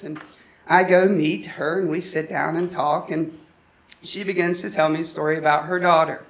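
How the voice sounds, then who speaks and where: A woman giving a conference presentation, telling a story in a humorous, anecdotal way. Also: lowish voice. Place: conference room.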